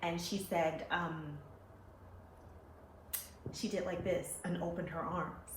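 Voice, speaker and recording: Woman vlogger, low-pitched, recounting a life event with feeling; roomy echo, faint ambient noise. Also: slow pace. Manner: emotional, animated, acts out quoted voices. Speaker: vlogger telling her own story. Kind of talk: personal storytelling to camera.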